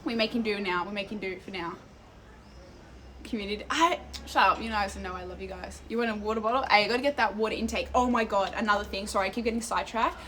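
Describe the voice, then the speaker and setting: A woman's voice: mid-range voice, fast, fairly bright tone, slight background noise. A young woman, chatting casually to her live stream chat, easily sidetracked and swearing freely, talking into a phone held out. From Australia. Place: outdoors in an Italian town, walking.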